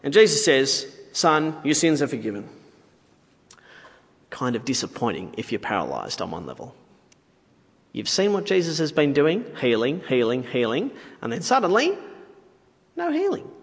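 A man's voice: a little high, wildly swooping pitch, normal speed, long pauses, long reverb tail. A man preaching a sermon in a conversational, playful way, with asides to the audience.

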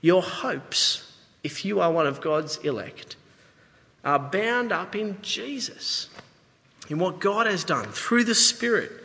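A man with an Australian accent preaching a sermon, chatty and lively, with asides to the congregation. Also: high-pitched, slow pace, gravelly. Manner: conversational, animated preaching with asides. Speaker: pastor. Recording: reverberant church hall.

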